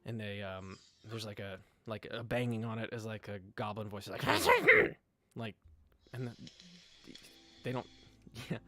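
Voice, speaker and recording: A man's voice: fairly low pitch, level tone, moderate pace. A man narrating as game master of a tabletop game, rambling with many fillers.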